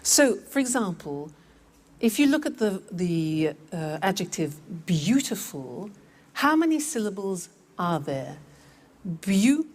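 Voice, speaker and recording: A woman teaching English vocabulary, repeating words slowly and clearly for learners. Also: lowish voice, very animated. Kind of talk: slow, clear language lesson.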